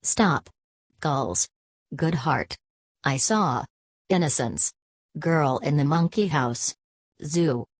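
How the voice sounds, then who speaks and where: A woman reading the part of an anxious middle-aged man pleading his innocence in halting fragments. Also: low-pitched, expressive, breathy edge, dry recording, full character voice. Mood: desperate.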